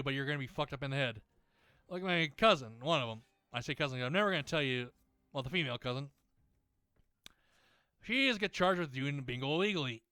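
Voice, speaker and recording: Man, casual gaming chat, swearing rant, slightly high, dry mic. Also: bright, forceful tone, clean tone, no echo. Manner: ranting, heavy swearing; rambling, many restarts and fillers. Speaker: gaming video creator. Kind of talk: casual chat over gameplay.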